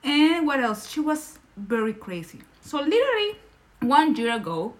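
A woman from Nicaragua, a podcast guest telling stories in lively, English and laughing often. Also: sits high, normal speed. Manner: animated, laughing, non-native English phrasing. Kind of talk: casual storytelling in conversation.

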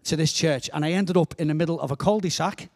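An earnest, fervent middle-aged man from England, preaching as a guest speaker in a church. His voice sits a little higher than most men's. He often repeats words as he builds toward a point. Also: quick pace, a little mellow. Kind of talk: sermon.

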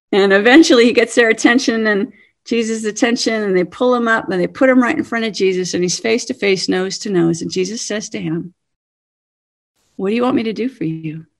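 A woman in her fifties giving a sermon-style talk, earnest and animated, laughing now and then. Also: a little high, normal speed. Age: 50s. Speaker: speaker.

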